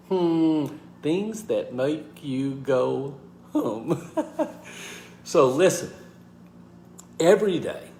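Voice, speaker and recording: A man hosting a motivational live talk, speaking haltingly with pauses and restarts and greeting viewers by name. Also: medium pitch, a little mellow, reverberant, a little hiss or hum. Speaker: host.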